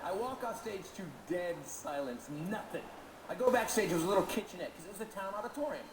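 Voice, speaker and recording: A man doing a brash stand-up comedy routine on stage, animated and loud at times. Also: high voice, fast, a crowd in the background. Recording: echoey venue with noise.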